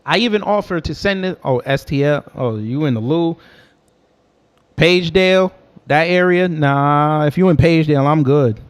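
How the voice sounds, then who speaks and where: A man's voice: fairly high pitch, moderate pace, clear, resonant tone. A young man from New York, telling a story in a casual, slangy way and answering his chat as he goes. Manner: animated, slangy, talks back to chat. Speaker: host.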